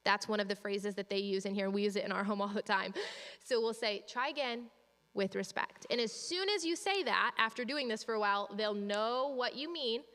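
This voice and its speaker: A woman's voice: mid-range voice, a little fast, fairly bright tone. A woman leading a training session for parents, talking practically and reassuringly and acting out little exchanges between parent and child. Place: church hall. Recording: long hall reverb.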